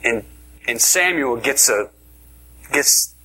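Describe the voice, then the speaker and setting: A man's voice: mid-range voice, expressive, slow pace, sharp tone, slightly rough. A man preaching a sermon, telling the story with jokes and dropping into whispers for emphasis. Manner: playful, joking storytelling, with sudden whispers.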